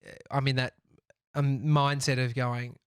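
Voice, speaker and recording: A man's voice: medium pitch, level tone, a little slow, clean tone, no echo. Aussie guy in his 30s cohosting a podcast, blunt and sweary, laughs a lot, dry close mic. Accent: Australian. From Australia. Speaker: podcast co-host. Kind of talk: casual studio banter.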